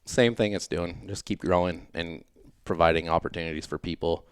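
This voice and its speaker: A middle-aged man talks as a podcast guest in a low, smooth, resonant voice. His delivery is relaxed and loose, with easy laughs and trailing fillers. The recording is dry and close. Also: normal speed, no echo. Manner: laid-back, laughs easily, trails off with fillers. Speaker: podcast guest, off-road racer and team owner. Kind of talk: casual chat.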